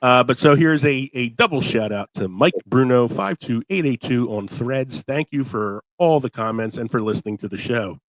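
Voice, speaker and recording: A man's voice: mid-range voice, animated, normal speed, hardly any pauses, dry recording, rough recording. A talkative man hosting a casual podcast chat, laughing often, with a sore throat and a voice that is wearing out. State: sore throat, losing his voice. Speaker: podcast host.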